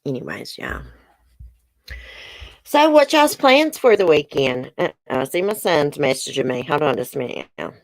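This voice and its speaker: Middle-aged Southern woman, livestream host, low and chatty, dry close sound. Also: sing-song, normal speed, no echo. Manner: chatty, laughs often, says y'all. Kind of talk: casual livestream chat with viewers. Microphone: webcam or phone close up.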